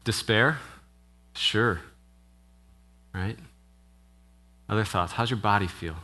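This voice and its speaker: Man, minister, interactive sermon, lowish voice, forceful bright tone, keeps asking "right?". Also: takes it slowly. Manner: asks the congregation questions, with frequent "right?" tags; conversational, with restarts and brief laughs. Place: church.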